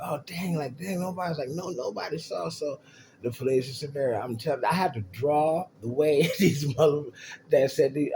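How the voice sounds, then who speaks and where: A man casually telling a profane, animated story from his childhood, acting out the voices of the people in it. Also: a little high, slight background noise.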